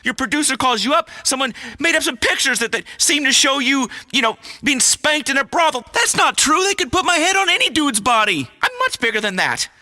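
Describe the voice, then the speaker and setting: Self-pitying has-been talk host; very high, piercing, stammering. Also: male voice, sing-song, fairly quick, few pauses, bright, forceful tone, exaggerated voice. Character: washed-up self-pitying male radio host, whiny. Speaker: radio co-host. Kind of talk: radio comedy acting.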